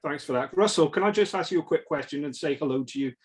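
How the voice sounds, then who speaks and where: Husky, eager panel host. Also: male voice, fairly high pitch, quick pace. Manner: eager, admiring, conversational. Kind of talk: casual interview chat.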